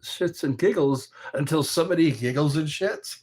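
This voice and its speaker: A man's voice: on the high side, expressive, measured pace, darkish tone. A man hosting his own show, telling crude jokes in a casual monologue and laughing along at them. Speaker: host.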